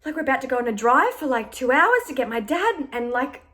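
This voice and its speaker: A woman's voice: high voice, sing-song, a little fast, fairly bright tone. A young woman vlogging, telling a personal story in a chatty, emotional way with lots of "like". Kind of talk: casual storytelling to camera.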